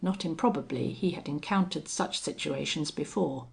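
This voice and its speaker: A woman narrating a western audiobook in a steady, measured reading. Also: deep voice, gravelly.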